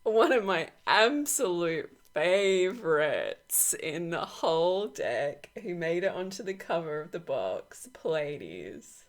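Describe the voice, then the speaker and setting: A woman's voice: lowish voice, sing-song, slow, hardly any pauses. A woman author chatting casually through an unboxing walkthrough, rambling with many fillers and frequent laughs. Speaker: oracle deck author.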